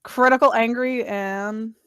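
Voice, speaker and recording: A woman's voice: on the high side, fairly even intonation, slow, fairly bright tone, smooth, no echo. A woman playing a tabletop game, talking bluntly and casually, swearing offhand and laughing. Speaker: player.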